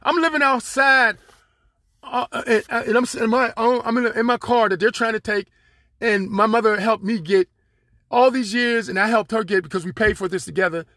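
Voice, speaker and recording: A high-pitched man from Pittsburgh with a gravelly, fry-filled voice, rambling through a solo podcast monologue. He talks in a streetwise, profane, digressive way, stuffed with fillers. The sound is close and dry, as if recorded in his car. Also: normal speed, sharp tone, no echo. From Pittsburgh, USA. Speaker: podcast host.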